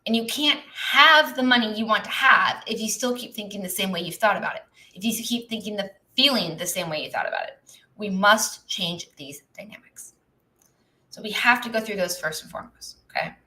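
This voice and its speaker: A business coach with a bright, forceful, mid-range voice talks fast and expressively to viewers on a live stream, hardly pausing. Her style is loose and conversational, lines often tagged with "right?" or "okay?", and she answers chat questions as they come in.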